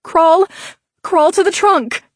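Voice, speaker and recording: A woman narrator voicing a frantic young woman who shouts urgent commands to get her brother out of a fire. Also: very high-pitched, takes it slowly, no echo, clean studio sound, voice pushed up. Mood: commanding.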